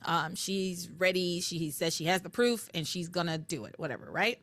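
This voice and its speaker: A woman co-hosting a podcast, recapping episodes in animated casual chat and acting out quoted lines. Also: lowish voice, moderate pace, no echo. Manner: animated, recounting with quoted voices. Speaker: podcast co-host.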